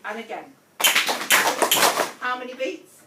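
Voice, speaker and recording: A woman with a fairly high, expressive voice speaks slowly over heavy background noise. She teaches a whole-class phonics lesson to primary pupils, encouraging them, repeating her prompts and calling them sweetheart. The recording sounds distant and echoey, as if made from across the classroom.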